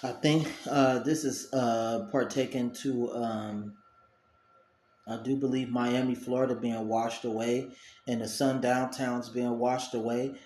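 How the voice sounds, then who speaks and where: A man's voice: mid-range voice, level tone, unhurried, a little mellow. A man giving an earnest, rambling casual talk about faith, with many fillers. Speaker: religious video host. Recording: roomy echo, faint noise.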